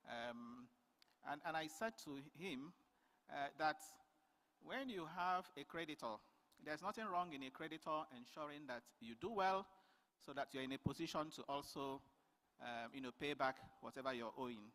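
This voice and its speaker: A man's voice: fairly high pitch, fairly bright tone. Man presenting in a reverberant hall. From Nigeria. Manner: measured, many fillers and restarts. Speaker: conference paper presenter. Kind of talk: formal conference talk. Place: large conference hall.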